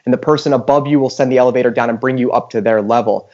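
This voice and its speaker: A man co-hosts a podcast and asks long, winding questions in relaxed chat. His voice has a middle pitch. The recording sounds dull and lo-fi. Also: very fast. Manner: rambling, restarts his questions. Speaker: podcast co-host. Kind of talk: casual chat, asking questions. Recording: dull lo-fi audio.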